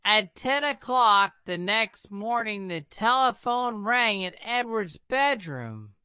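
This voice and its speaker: Very slow, deliberate woman narrator. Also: mid-range voice, very animated, sharp tone, clear, resonant tone, no room sound, studio quality. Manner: slow, deliberate, careful reading. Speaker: story narrator. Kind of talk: scripted narration of a graded reader.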